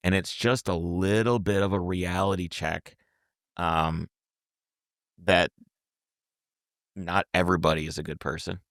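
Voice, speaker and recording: Gravelly low-voiced man telling a story. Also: unhurried, long pauses, no room sound, studio quality. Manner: animated, acts out quotes, repeats and restarts words. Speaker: podcast host telling a road trip story. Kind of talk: casual storytelling chat.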